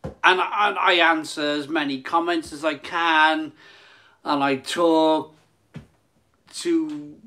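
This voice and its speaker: A man's voice: a little high, slow pace, pauses often. A man hosting a casual live stream from his phone, repeating phrases and stumbling over words. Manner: excited hyping, then soft and emotional.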